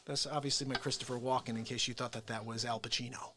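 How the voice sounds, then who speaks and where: A man hosting a live daily comedy show, rambling and excitable as he talks to viewers. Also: mid-range voice, fast, hardly any pauses. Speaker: host and realtor.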